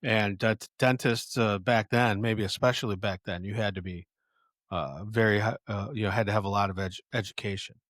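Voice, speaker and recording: A man with a somewhat low voice walks through a film scene on his podcast, chatty and conversational. He stops and restarts often, correcting himself with fillers along the way. The sound is dry and close. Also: steady tone, fairly bright tone, dry recording. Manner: halting, self-correcting, full of fillers. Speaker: podcast host. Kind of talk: casual retelling of a film scene.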